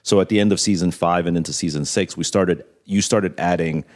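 A man's voice: low-pitched, fairly quick, a little mellow. A man hosting a podcast, talking in an easygoing way, backing up his co-host and asking follow-up questions. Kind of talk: casual podcast conversation.

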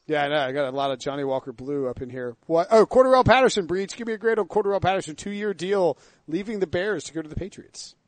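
A man hosting a sports podcast, joking and tossing quick questions to his co-hosts. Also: fairly high pitch, animated, no echo. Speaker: podcast host. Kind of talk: casual sports talk.

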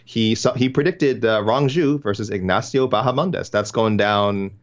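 A low-pitched man co-hosts a loose podcast chat, rambling and correcting himself as he goes and laughing easily along the way. The audio is dull and lo-fi, with muffled highs. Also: normal speed. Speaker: podcast co-host. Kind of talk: casual podcast chat about fight matchmaking.

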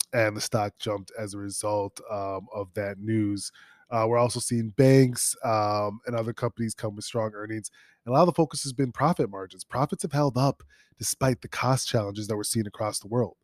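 A man's voice: on the low side, darkish tone, no room sound. A man hosting a solo finance news podcast, talking casually with frequent ums and restarts while sick with sniffles. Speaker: podcast host.

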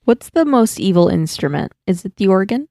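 A woman's voice: mid-range voice, big pitch swings, brisk, warm tone, no room sound, studio quality. A woman co-hosting a podcast, chatting casually and asking curious questions. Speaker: podcast co-host. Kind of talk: casual chat.

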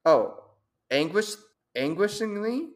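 Woman, casual co-host, reads horror stories aloud, quick to laugh, stumbles over long words. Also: mid-range voice, very animated.

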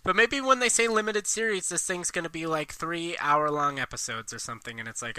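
A man talks casually as a podcast co-host, jumping between thoughts with plenty of "like" fillers. His voice is very bright and crisp. The sound is dry and close. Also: fairly high pitch, no room sound. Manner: quick, animated, many "like" fillers. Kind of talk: casual chat.

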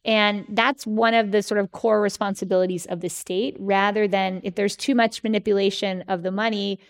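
Animated woman telling stories in an interview. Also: mid-range voice, moderate pace. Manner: animated storyteller, acts out quoted letters. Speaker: guest author, historian. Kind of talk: conversational interview.

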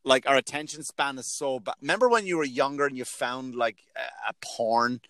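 A middle-aged man hosting a casual comedy podcast, telling animated, profane stories and acting out quotes. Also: mid-range voice, moderate pace, no room sound.

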